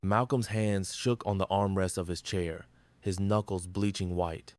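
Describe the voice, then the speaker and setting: Low male narrator, grim and measured, dry close recording. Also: fairly even intonation, no room sound. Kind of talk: scripted story narration.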